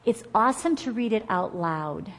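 A woman teaching a Bible study class in an earnest, conversational and encouraging way, reading scripture aloud slowly and with emphasis. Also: mid-range voice, animated, long reverb tail.

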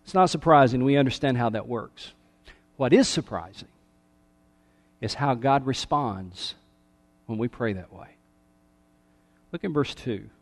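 A middle-aged male pastor preaching a sermon, swinging between emphatic raised calls and soft, quiet lines. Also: mid-range voice, lively intonation, a little slow, long pauses.

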